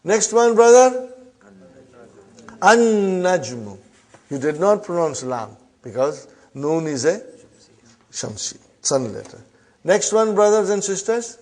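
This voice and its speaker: A man teaching an online Arabic class. He reads each Arabic phrase slowly, explains it quickly in English, keeps saying "huh?" and calls his students brothers and sisters. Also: high-pitched, very animated, a little mellow.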